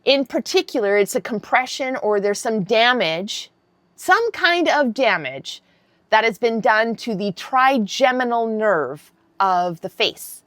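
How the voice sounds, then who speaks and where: A woman's voice: on the high side, slow pace, no echo. A woman in her fifties telling a story in a casual vlog, blunt and given to swearing. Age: 50s. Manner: blunt and swearing, animated retelling. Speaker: vlogger.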